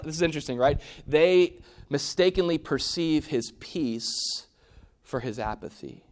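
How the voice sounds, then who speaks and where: A man preaching a sermon, swinging from loud, emphatic peaks to hushed, near-whispered lines. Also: a little high, unhurried. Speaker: pastor.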